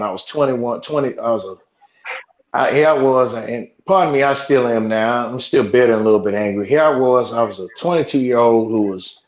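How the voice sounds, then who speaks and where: A man in his forties, a podcast host, telling a story in casual chat, rambling with lots of restarts and cursing. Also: medium pitch. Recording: roomy, dull lo-fi sound.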